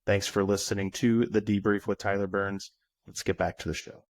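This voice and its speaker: A man's voice: on the low side, level tone, moderate pace, no room sound. A man hosting a podcast reads a direct, upbeat promotional announcement. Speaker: podcast host.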